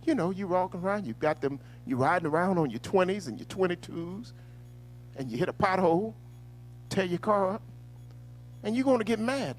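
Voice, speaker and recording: High, animated male host; hushed mock-calm that erupts into preaching rants. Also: a little hiss or hum, poor audio. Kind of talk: live-stream commentary segment.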